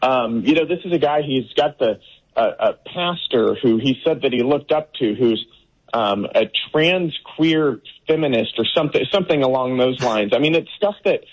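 A husky-voiced man talks forcefully with lots of "um" and "you know" as he restarts his sentences. He's a guest in a political interview. The sound is a bit dull, as if carried over a remote link. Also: medium pitch, expressive, moderate pace. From Texas. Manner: emphatic, frequent fillers and restarts.

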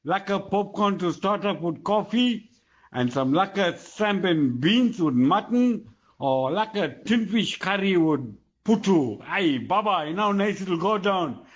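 Cheery guy on a muffled voice note, a bit higher-pitched. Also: lively intonation, unhurried. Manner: hearty, jovial. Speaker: listener sending a voice note. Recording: dull lo-fi voice note.

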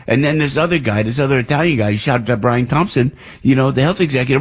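A man's voice: mid-range voice, sing-song, fairly quick, few pauses, fairly bright tone, husky. An older man hosting talk radio, delivering an indignant, repetitive opinion monologue. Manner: indignant ranting, repeats himself. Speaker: radio host.

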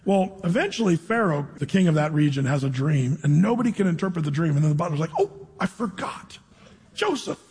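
A man preaching a sermon, reading scripture slowly and dramatically, then retelling the story in a casual, storytelling way. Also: a little high, lively intonation, darkish tone, slightly rough. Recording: long reverb of a large hall.

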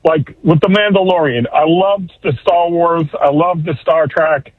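A man's voice: a little high, unhurried. A man calling in to a radio show, chatting in a loose, rambling way over a phone line. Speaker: caller. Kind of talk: casual call-in chat.

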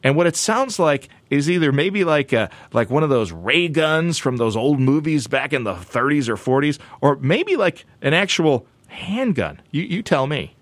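Animated joking male show host. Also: a little high, moderate pace, few pauses, no room sound. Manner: playful, animated, full of restarts and asides. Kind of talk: joking broadcast segment.

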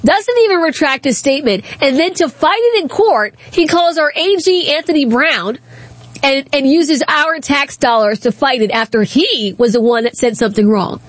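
A woman hosting a talk radio show, telling stories and giving opinions in an animated, casual way. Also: sits high, normal speed, no room sound. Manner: animated storytelling, laughs often.

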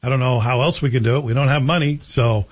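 A man hosting a radio talk show, giving animated, sarcastic opinion commentary. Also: mid-range voice, fast talker, husky. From Canada. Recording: dull lo-fi broadcast audio.

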